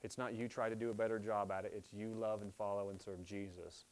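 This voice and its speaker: A man's voice: on the low side, flat delivery, fairly quick, a little hiss or hum. Earnest man preaching a sermon. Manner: earnest, builds to loud emphatic scripture readings, then quieter pleading. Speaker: pastor. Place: church service.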